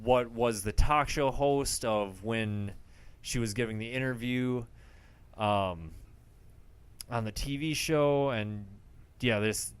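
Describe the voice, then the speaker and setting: A man co-hosts a movie podcast in a smooth, clear voice. He talks slowly and easily, often just agreeing with short replies as his friend recaps the film. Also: medium pitch. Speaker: podcast co-host. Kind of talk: casual movie review chat.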